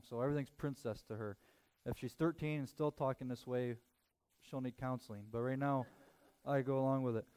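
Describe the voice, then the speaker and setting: A man in his thirties preaches through a long, self-deprecating anecdote. He jumps between quick asides and jokes at his own expense. His speaking voice sits a little higher than most men's. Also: darkish tone. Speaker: pastor. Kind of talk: storytelling sermon.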